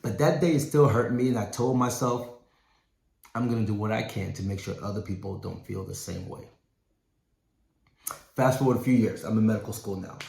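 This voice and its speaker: A man's voice: lowish voice, moderate pace, creaky, long pauses, darkish tone. A man in his thirties giving a keynote speech as a doctor, telling a personal story and acting out the dialogue. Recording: echoey hall.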